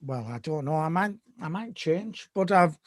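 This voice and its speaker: High-voiced joking fan host, dry sound. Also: male voice, animated, moderate pace, no echo. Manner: joking, self-deprecating, reads out chat. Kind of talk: casual banter.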